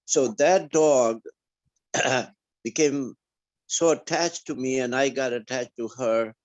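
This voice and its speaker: A man in a class on a video call, telling a personal story in a halting way with restarts. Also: mid-range voice, muffled recording. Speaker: class participant.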